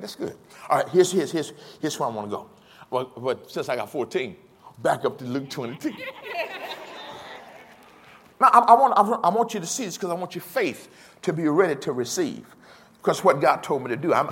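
With slight background noise behind him, a pastor in his sixties preaches in a voice on the high side and a bit bright. His sermon features emphatic repetition, repeated call-and-response and chuckling asides to the congregation.

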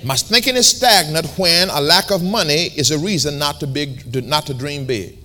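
A pastor preaching in a church, repeating key words and calling for congregation responses in a colloquial, emphatic manner. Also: male voice, a little high, normal speed, pushed and bright. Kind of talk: sermon with call and response. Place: church sanctuary.

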